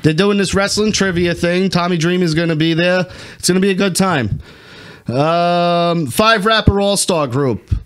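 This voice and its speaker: A young man from Long Island with a slightly higher voice. He talks casually and rambles, tossing out strong, joking opinions as a podcast co-host. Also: fairly even intonation, moderate pace, smooth. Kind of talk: casual chat.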